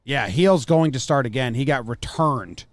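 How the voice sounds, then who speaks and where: A man's voice: medium pitch, expressive, normal speed, no room sound. A man co-hosting a sports podcast, casually teasing his partner and reading out game stats. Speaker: podcast co-host.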